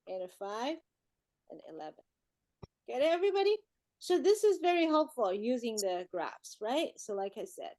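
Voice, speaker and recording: A woman's voice: high voice, darkish tone. A woman tutoring math, walking through word problems step by step and often checking in with the whole group. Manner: keeps checking in with "okay, everybody".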